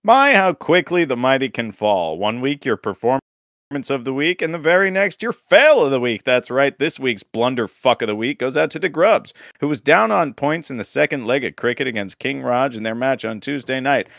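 A man's voice: medium pitch, expressive, normal speed, creaky, fairly bright tone, no echo, studio quality. A man co-hosting a casual podcast, recapping league results with teasing, crude jokes. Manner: joking, teasing, crude humor. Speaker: podcast co-host.

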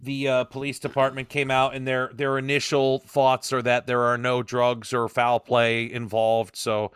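Dude hosting a chill show, lots of ums, smooth voice, super dry mic. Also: male voice, medium pitch, completely flat delivery, a little slow, a bit bright, no echo. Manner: loose, filler-heavy, offhand. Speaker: podcast host. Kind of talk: casual chat.

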